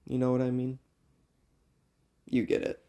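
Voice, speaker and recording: Young man, student, rambling comic monologue, earnest, loud bursts then quiet asides, middle-pitched voice. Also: monotone, measured pace, smooth. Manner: earnest, meandering, swinging between loud outbursts and quiet asides. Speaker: university student performer.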